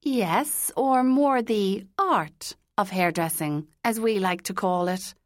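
A woman voicing a witty young woman who runs a hairdressing salon and talks in a teasing, brisk way. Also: mid-range voice, dry recording, studio quality, lightly acted. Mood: wry.

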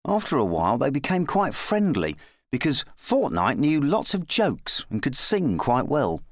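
A man reading a children's story aloud in a playful, lively storybook manner. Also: medium pitch, unhurried, no room sound, clean studio sound.

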